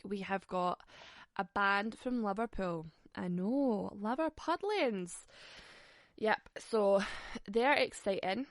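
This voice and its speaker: A woman's voice: mid-range voice, dry recording. A woman in her twenties hosting a podcast in a sassy, sweary, laughing chat. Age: 20s. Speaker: podcast host. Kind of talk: casual solo podcast chat.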